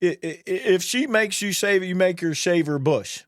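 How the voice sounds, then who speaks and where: A man's voice: high-pitched, animated, moderate pace, dry recording, studio quality, pitched above the performer's own voice. A man quoting a crude, teasing male flight attendant in a slightly raised voice. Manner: blunt, teasing.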